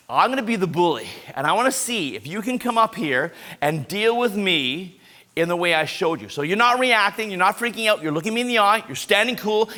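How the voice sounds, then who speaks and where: A man's voice: a little high, pushed and bright. A man giving an upbeat anti-bullying talk at a school assembly, coaching kids through role-play.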